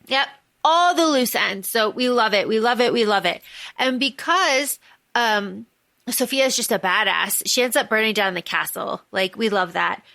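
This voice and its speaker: A woman co-hosts a casual book podcast, recapping the story with animated energy and frequent swearing. Her voice sits a little high and carries a bright, forceful edge. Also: normal speed, creaky. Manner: animated, swears freely, recaps plot excitedly. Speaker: podcast co-host.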